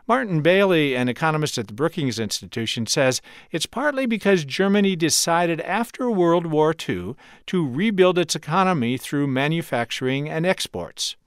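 A male radio correspondent reading a scripted news report in a measured, clear delivery. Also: mid-range voice, no echo, studio quality.

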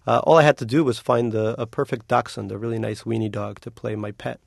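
A man being interviewed as a novelist, talking in an animated, joking way and laughing often. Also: mid-range voice, brisk, gravelly, no room sound. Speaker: novelist guest. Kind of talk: casual interview chat.

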